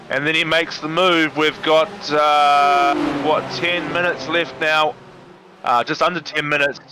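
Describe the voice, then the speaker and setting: Steady co-commentator. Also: male voice, a little high. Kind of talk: live race commentary. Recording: noisy background.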